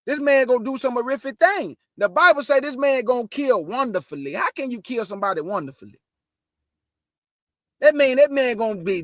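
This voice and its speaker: A man with a strikingly high voice preaches to his online audience, fired up and emphatic. He talks in a casual, slangy way, repeats his points, fires off rhetorical questions and keeps calling his listeners family. The sound is dry, with no room echo. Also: animated, a little fast. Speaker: online show host and preacher.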